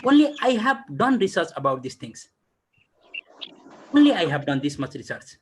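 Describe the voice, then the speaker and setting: A man giving an online college lecture over a video call. He keeps asking himself rhetorical questions and answering them, in halting, repetitive phrasing full of fillers. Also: sits high, sing-song, a little hiss or hum.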